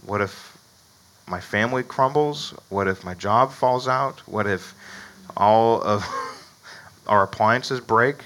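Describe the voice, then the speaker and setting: A man's voice: lowish voice, takes it slowly, a bit bright, rough recording. A man preaching a sermon in a conversational way, often asking "right?" and chuckling between points. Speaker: pastor.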